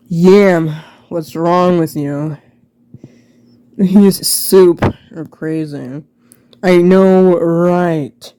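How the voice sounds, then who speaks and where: A woman giving a casual, jokey commentary, reading from her own old book with sarcastic asides and quick rambling restarts. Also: lowish voice, dark tone, clean tone, no echo.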